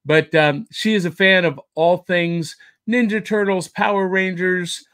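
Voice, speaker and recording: A man's voice: high voice, fairly even intonation, a little slow, a bit bright, clear, resonant tone. A man hosting a pop culture podcast, with jokey, upbeat showman patter. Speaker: podcast host. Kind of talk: casual podcast chat.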